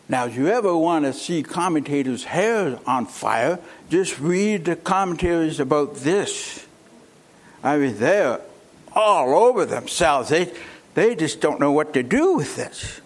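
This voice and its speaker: A man's voice: on the high side, animated, measured pace. A man preaching a sermon, emphatic and fond of rhetorical questions.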